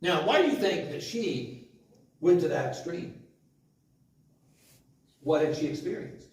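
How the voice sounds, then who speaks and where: A man's voice: on the high side, expressive, measured pace, gravelly, a little mellow. A man preaching a sermon in church, talking with the congregation through rhetorical questions. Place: church sanctuary. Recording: very echoey church hall, mic at a distance.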